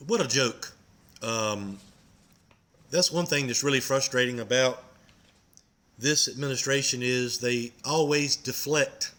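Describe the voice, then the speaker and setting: A man's voice: medium pitch, a little slow, pauses often, fairly bright tone. A man who co-hosts a podcast and runs businesses, talking earnestly and with frustration, stumbling over his words. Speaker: podcast co-host, business owner. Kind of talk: casual political talk.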